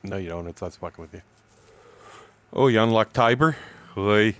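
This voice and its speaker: A man's voice: on the low side, moderate pace, fairly bright tone. A man in his sixties casually telling profane, rambling fishing stories while streaming a game, laughing often. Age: 60s.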